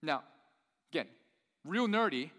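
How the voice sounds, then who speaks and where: A man's voice: fairly high pitch, expressive, measured pace, pushed and bright. A man preaching a sermon in a church hall, talking in an enthusiastic, nerdy, conversational way. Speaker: pastor.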